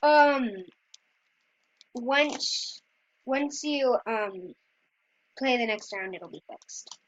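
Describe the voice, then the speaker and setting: A woman's voice: fairly high pitch, expressive, drawn-out words. A woman chatting to her viewers in rambling, casual gameplay commentary. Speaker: gameplay video creator. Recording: dull lo-fi dry recording.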